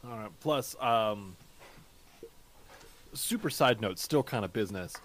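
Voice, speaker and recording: Halting man playing a tabletop game. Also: fairly low pitch, animated, slight background noise. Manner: halting, lots of restarts and fillers. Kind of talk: in-character table talk.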